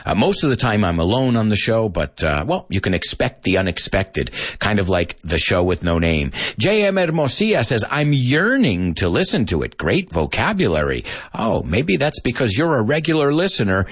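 A lively male teacher hosts his own podcast, talking in a chatty, animated way with big swings in his pitch and now and then dropping into Spanish to explain a word. His voice sits fairly low and comes through a studio mic, close and dry. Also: normal speed, slightly rough, no room sound. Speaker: English teacher and podcast host. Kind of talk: casual solo podcast lesson. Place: radio studio. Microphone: studio microphone.

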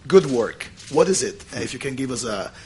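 A man moderating a panel conversation in English, which is not his first language, hoarse from losing his voice, clearing his throat often and pausing with fillers. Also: mid-range voice, lively intonation, a little mellow, slight background noise. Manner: frequent throat clearing and hesitations.

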